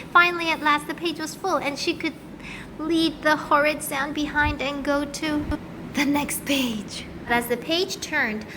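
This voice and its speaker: Female storybook reader, high and expressive, for children's read-alouds. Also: background noise.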